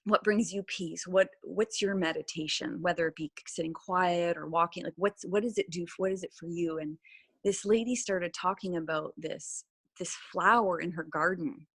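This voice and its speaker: Bright, animated woman in conversation. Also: on the low side, normal speed, husky. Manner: animated, restarts sentences, trails off. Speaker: guest. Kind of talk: casual podcast conversation.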